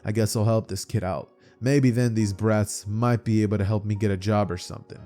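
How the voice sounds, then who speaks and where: A man voicing a gruff defeated villain. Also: fairly low pitch, steady tone, brisk, mellow, soft background music, close to an everyday voice. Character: defeated brooding young male martial artist villain.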